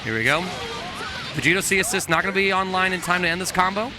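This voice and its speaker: A man giving laid-back, chatty fighting-game commentary at a tournament stream, calling the plays quickly. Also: high-pitched, music in the background. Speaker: esports commentator. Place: event stream booth.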